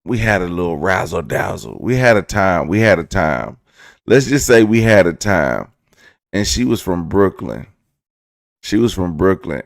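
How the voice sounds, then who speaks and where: A deep, gravelly-voiced young man tells a rambling story straight into a close mic in a dry room. He jokes loosely and slips into little impressions as he goes. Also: no room sound. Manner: loose and joking, breaks into laughs, mimics voices. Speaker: vlog host. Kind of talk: casual storytime commentary.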